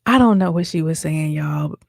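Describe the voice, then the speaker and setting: Gravelly-voiced woman telling a story. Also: deep voice, moderate pace, no echo, clean studio sound. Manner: chatty, addresses listeners as y'all, many fillers. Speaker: podcast host. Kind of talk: casual storytelling monologue.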